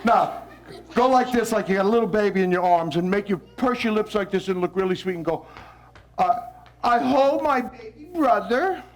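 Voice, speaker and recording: A man's voice: sits high, fast talker. A man from New Orleans, a visiting poet, performing his poems theatrically and cueing the audience to repeat lines. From New Orleans, United States. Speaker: visiting poet leading children and adults. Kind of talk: call-and-response poetry performance. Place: school hall with a live audience. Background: faint audience voices repeating lines.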